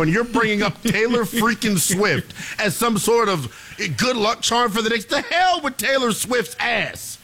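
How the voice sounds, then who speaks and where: A man's voice: extremely high pitch, lively intonation, a little slow, bright, forceful tone. A young man co-hosting a sports talk show, ranting in an exasperated, emphatic way.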